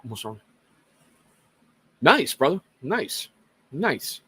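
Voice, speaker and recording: A man's voice: medium pitch, big pitch swings, slow pace, fairly bright tone, breathy edge, no room sound. A middle-aged man from Washington State hosting a casual live talk show, speaking earnestly to viewers with rambling, self-mocking asides. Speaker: livestream host.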